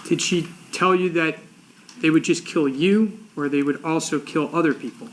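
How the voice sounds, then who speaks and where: A man's voice: on the high side, fairly even intonation, moderate pace, slight background noise. A man questioning a witness in a courtroom with short, plain prompts. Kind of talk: courtroom direct examination.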